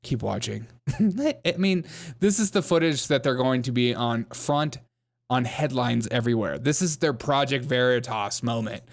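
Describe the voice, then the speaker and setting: A man's voice: mid-range voice, lively intonation, moderate pace, gravelly. A man hosting a comedic commentary show, reacting sarcastically to clips and laughing often.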